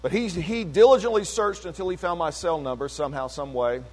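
An older man preaching and telling a story, swinging between emphatic peaks and low asides, with a lot of repetition. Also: a little fast. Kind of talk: sermon-style testimony. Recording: long hall reverb.

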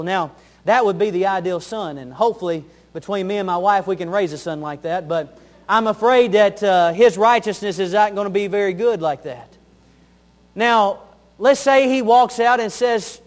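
A man's voice: high-pitched, moderate pace. A young adult man, a pastor, preaching a sermon in an earnest way, telling homely stories and repeating his key phrases.

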